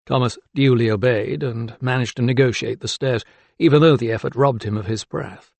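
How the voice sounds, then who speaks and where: Gravelly male audiobook narrator. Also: mid-range voice, dry recording. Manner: even, measured storytelling. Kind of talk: scripted narration. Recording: dry close studio sound.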